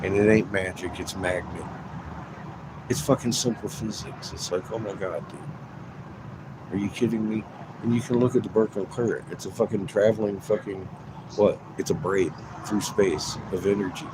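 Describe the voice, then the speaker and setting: A low-pitched man rants on a livestream, repeating words and laughing between his points. He swears nearly every line and keeps circling back on himself. Traffic and street noise run clearly behind him. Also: normal speed. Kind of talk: rambling profane rant.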